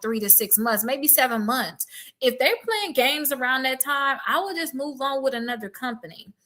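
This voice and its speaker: A woman's voice: sits high, a bit bright. A woman giving casual credit advice to her viewers, blunt and emphatic, calling them y'all. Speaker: credit repair advisor.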